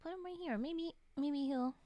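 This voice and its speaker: A woman live-streaming and chatting casually with her viewers, playfully teasing, talking softly, often murmuring or whispering, and sleepy. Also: sits high, normal speed, no echo. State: sleepy, yawning. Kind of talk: casual live-stream chat while folding origami.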